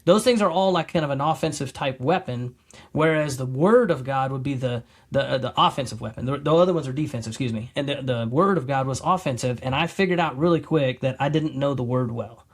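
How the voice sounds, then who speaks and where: A man's voice: medium pitch, brisk. A middle-aged man on a podcast telling his testimony in a casual, rambling way, acting out his own quotes. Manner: animated storyteller, acts out quotes; rambling with many restarts. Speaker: podcast guest.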